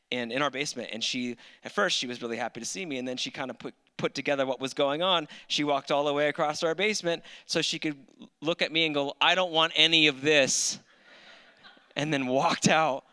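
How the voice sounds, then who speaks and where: Bright-voiced man doing stand-up. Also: a little high, fairly quick, clear, resonant tone. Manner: dry, self-mocking storyteller. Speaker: stand-up comedian. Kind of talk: stand-up set. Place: comedy club stage.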